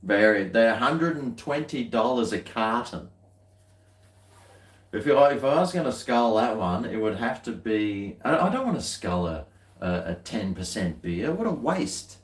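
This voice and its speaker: Slow, low-voiced Australian man, rambling. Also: big pitch swings, echoey room. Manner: rambling, dry, muttered asides. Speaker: beer-tasting vlogger. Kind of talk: casual chat while tasting beer.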